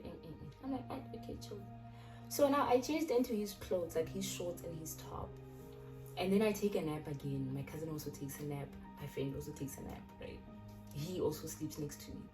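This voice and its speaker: A young South African woman telling a personal story in a chatty, animated way, often restarting her sentences. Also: low voice. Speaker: YouTuber. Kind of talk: casual storytelling. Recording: distant mic with loud background music.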